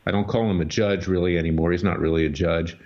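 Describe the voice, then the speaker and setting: A man hosting political talk radio, lowish voice and an emphatic, combative way of laying out his case. The audio is dull and lo-fi, like an old radio broadcast. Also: steady tone, fast talker, darkish tone. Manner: emphatic, combative, scornful delivery. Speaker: radio talk show host and lawyer.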